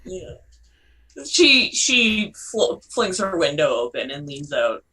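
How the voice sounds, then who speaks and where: A player describing their character's actions in a tabletop game, in a halting way with many fillers. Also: medium pitch, sing-song, bright, forceful tone, recorded from a distance, rough recording.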